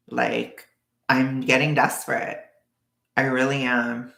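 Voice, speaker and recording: A livestreamer in casual chat with viewers, knitting a scarf while rambling, full of "like" and quick bursts of laughter. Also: medium pitch, gravelly, a bit bright, roomy sound. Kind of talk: casual live-stream chat.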